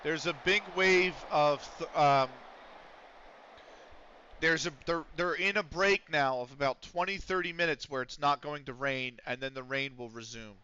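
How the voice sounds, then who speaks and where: Male streamer, bright, sharp voice, casual and profane, chat-reading and commentary, dull mic. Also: fairly high pitch, a little slow, a little hiss or hum. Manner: swears freely, chats with viewers between play-by-play calls.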